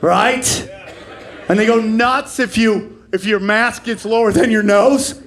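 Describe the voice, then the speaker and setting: A man in his forties doing live stand-up comedy, brash and profane, bursting into shouted voices. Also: high-pitched, steady tone, slow. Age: 40s. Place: comedy stage before a laughing audience.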